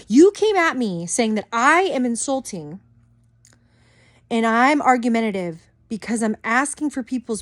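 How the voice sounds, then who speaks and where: A woman in a heated, swearing rant to camera as a vlogger, swinging between loud outbursts and muttered asides. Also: a little high, no room sound, studio quality.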